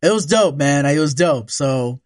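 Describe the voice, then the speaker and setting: A man's voice: a little high, unhurried, no room sound, studio quality. A man telling a personal story in casual chat. He swears a lot and laughs often. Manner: relaxed, profane, laughs often.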